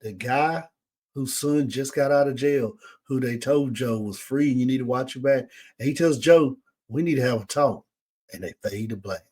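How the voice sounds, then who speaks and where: This podcast host has a medium-pitched, slightly breathy voice and speaks at an ordinary pace. In a relaxed recap of a TV episode, he performs the characters' dialogue with plenty of energy.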